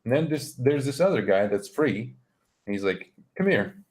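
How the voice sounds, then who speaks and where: A man's voice: medium pitch, animated, moderate pace, darkish tone. Young man telling a story casually. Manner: loose, profane and exasperated. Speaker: streamer.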